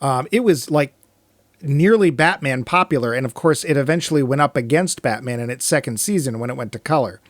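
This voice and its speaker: A man co-hosting a movie podcast, talking in a casual, rambling way with quick asides. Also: mid-range voice, no echo. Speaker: podcast co-host.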